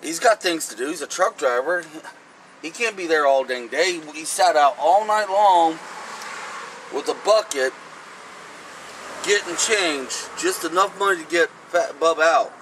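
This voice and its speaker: A man's voice: fairly high pitch, animated, a little slow, a bit bright, a little hiss or hum, poor audio. A man hosting a comic vlog skit, rambling and acting out phone calls. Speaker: comedy vlog host.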